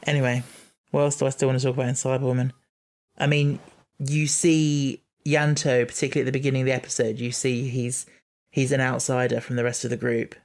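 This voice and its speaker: A man co-hosting a casual podcast, explaining points in a steady way. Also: mid-range voice, fairly quick. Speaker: podcast co-host. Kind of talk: casual chat.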